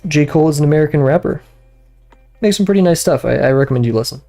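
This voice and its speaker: Faint music sits behind a young man who chats while drawing on a bedroom stream, his slightly high voice animated, fast, creaky and mellow. He rambles easily off track, using many fillers and restarts and laughing often.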